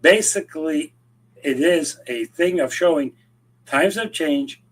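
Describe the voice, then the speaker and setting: A man from Rico, a podcast co-host telling an animated story in casual chat, acting out the people he quotes and often restarting his sentences. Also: on the high side, takes it slowly.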